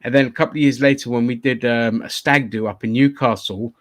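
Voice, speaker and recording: A man at mid pitch hosts a loose, rambling podcast chat. He swears freely and laughs often. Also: steady tone, a little fast. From London. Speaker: podcast host.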